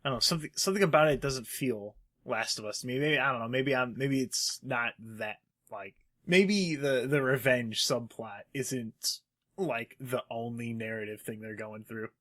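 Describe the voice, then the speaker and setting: A man's voice: medium pitch, moderate pace, a bit bright. A man co-hosting a casual gaming podcast, rambling with hesitant asides and swearing. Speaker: podcast co-host.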